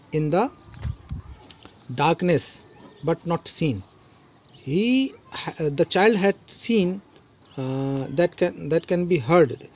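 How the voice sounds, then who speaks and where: Slow, halting Indian English teacher. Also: male voice, a little high, darkish tone, highs cut off, slight background noise. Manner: slow, halting explanation with many fillers and restarts. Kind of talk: recorded online poetry lesson.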